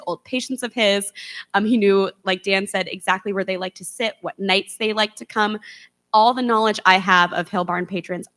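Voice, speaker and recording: A young woman who used to work in a theater's box office gives a memorial tribute from its stage. Her medium-pitched voice has a fairly bright tone, and she talks chattily with frequent ums and laughs.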